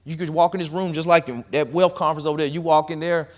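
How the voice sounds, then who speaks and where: Coaching his audience directly, a man delivers an energetic, conversational real estate investing workshop to a live room. His pitch is fairly high and he speaks fast.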